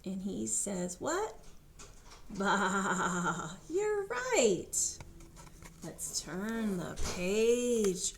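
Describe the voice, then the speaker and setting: A children's librarian reading a storybook aloud to small children in a sing-song way, making animal noises. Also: female voice, medium pitch, wildly swooping pitch, very slow, creaky, a little hiss or hum.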